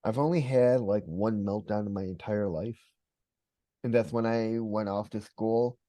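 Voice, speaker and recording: Male podcast host, low mellow voice, relaxed conversational storyteller. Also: a little slow, no echo. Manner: animated retelling with quoted voices. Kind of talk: casual interview, storytelling.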